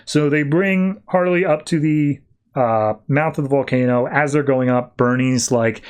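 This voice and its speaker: Podcast host, male, casual storyteller, mid-range voice, playful quick impressions of characters. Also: mid-range voice. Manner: animated retelling with quick put-on character voices. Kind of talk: casual comic book recap.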